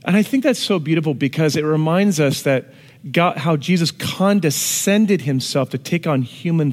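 Pastor, male, fairly high voice, animated sermon delivery, long church-hall reverb. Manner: animated, shifts from hushed to shouting for emphasis.

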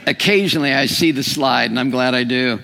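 A man's voice: medium pitch, a little fast, creaky, slight background noise. A man preaching a sermon with humor, often asking his listeners questions. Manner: animated, humorous, asks the audience questions. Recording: long hall reverb.

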